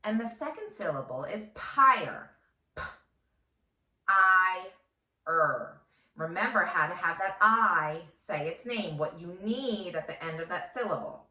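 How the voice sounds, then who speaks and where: A first grade teacher woman dictating a phonics lesson, sounding out words slowly and clearly syllable by syllable. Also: fairly low pitch, expressive, sharp tone. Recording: echoey room, voice from a distance.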